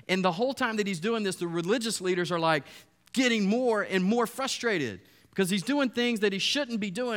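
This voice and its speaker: A man preaching a sermon, retelling the story in a lively, storytelling way and acting out the voices of the people in it. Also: fairly high pitch. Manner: storytelling, animated, acts out quoted voices. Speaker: pastor.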